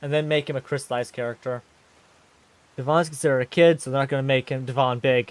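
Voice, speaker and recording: A man streaming live, talking casually and ranting excitedly in bursts while reacting on screen. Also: mid-range voice, quick pace.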